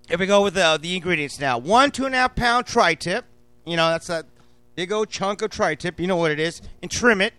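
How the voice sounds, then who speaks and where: Excitable, crude male cooking-show host with a high, dry, close voice. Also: no room sound. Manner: rambling, crude and excitable, with sudden loud bursts. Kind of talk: casual cooking talk. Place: outdoors at a barbecue.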